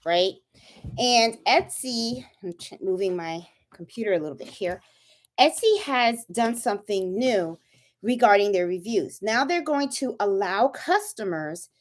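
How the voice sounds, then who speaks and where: A woman hosting a casual craft livestream, chatty and full of fillers, checking in with viewers. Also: fairly high pitch. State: a little out of breath. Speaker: channel host. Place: indoors at home, chilly room.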